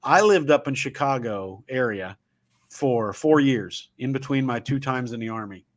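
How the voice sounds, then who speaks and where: A man's voice: medium pitch, lively intonation, moderate pace. A man with a Southern Ohio accent, hosting a casual livestream talk and telling rambling, folksy stories. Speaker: show host.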